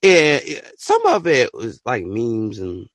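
A man hosting a podcast, ranting his opinion in an animated, profane way and bursting into shouts. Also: mid-range voice, slow pace, dry recording. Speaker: podcast host.

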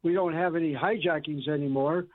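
A man's voice: fairly high pitch, fairly even intonation. A man calling in to a radio show, stumbling through his opinion with fillers and restarts. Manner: halting, many fillers and restarts. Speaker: caller. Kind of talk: call-in opinion. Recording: tinny phone line.

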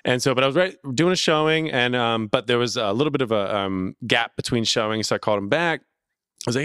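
A man co-hosting a comedy podcast, telling stories excitably, acting out other people's voices and swearing freely. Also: medium pitch, fast, clean tone, no room sound, clean studio sound. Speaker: podcast co-host, property manager. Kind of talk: casual comedy podcast chat. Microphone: studio podcast mic.

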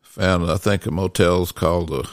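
An older man, slowly recalling old family stories in casual conversation, with many pauses and fillers. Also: sits low, steady tone, no echo, studio quality. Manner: slow, halting recollection with many fillers. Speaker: guest father telling stories. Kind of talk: casual storytelling.

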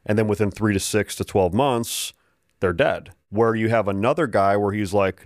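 Low-voiced podcast host. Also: male voice, moderate pace, no echo, studio quality. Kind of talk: podcast interview.

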